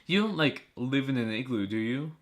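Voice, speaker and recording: A man's voice: mid-range voice, animated, moderate pace, close to an everyday voice. A man voicing an eager, talkative young male soldier who rambles on, in an amateur audiobook reading. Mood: curious.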